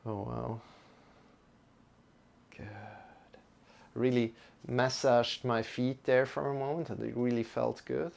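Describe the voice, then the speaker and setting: A man teaching a live-streamed yoga class, giving calm, gentle instructions and greeting viewers in the chat. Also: mid-range voice, takes it slowly, gravelly, pauses often.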